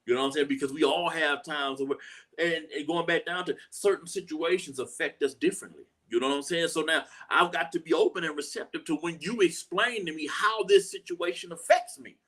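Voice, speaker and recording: Talking a little fast, the host of a live talk show uses a somewhat high, slightly bright voice. He's earnest, circles back over his own lines to stress them, performs the voices he quotes, and keeps asking "you know what I'm saying."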